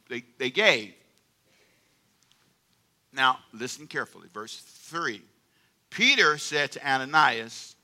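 A man preaching a sermon as pastor, playful and animated, drawing the congregation into call-and-response. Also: mid-range voice, gravelly.

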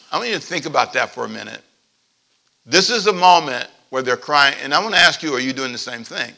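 Bright-voiced preaching pastor, a man. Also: mid-range voice, gravelly. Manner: lively preaching with call-and-response to the congregation; swings between loud emphatic points and quiet asides. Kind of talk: sermon. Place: church.

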